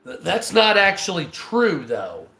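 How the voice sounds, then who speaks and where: A man ranting casually on a live stream, swearing often, stammering and clearing his throat. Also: high-pitched, wildly swooping pitch, unhurried, pushed and bright, echoey room, slight background noise. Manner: profane, exasperated, restarts and stammers.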